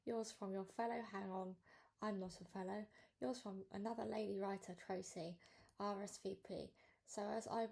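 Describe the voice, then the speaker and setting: A woman reading a children's novel aloud, narrating in the first person with an expressive, cheeky tone. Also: medium pitch, moderate pace, vocal fry. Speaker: storybook reader.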